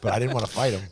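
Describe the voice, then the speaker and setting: This podcast host has a medium-pitched, slightly rough voice. He chats casually and tells stories in an animated way, swearing plenty as he goes.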